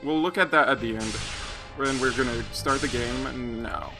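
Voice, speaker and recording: Host of a let's play, mid-pitched, casual and halting, game music underneath. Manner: casual, hesitant with fillers.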